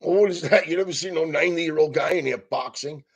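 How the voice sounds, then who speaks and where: A man's voice: a little high, fast talker, vocal fry, slightly rough. A man comedian on a casual, profane rant, swearing constantly and breaking into laughs mid-sentence.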